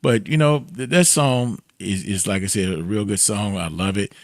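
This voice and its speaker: Middle-aged male host, Southern twang, encouraging and lively, low-set voice, dry mic. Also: moderate pace, dry recording. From Mississippi, raised in California. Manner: upbeat, encouraging, repeats words. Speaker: radio host. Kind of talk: radio interview.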